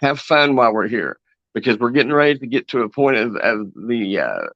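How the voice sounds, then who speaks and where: A man's voice: mid-range voice, big pitch swings, a little fast, no room sound. A man with a Kentucky accent, guesting on a casual chat show, joking and sarcastic. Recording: muffled lo-fi audio.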